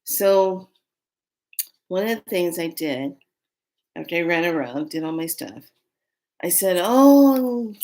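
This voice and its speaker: Chatty low-voiced woman telling a story. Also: measured pace, long pauses. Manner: chatty, excitable, rambling. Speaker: oracle card reader. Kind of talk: casual storytelling vlog.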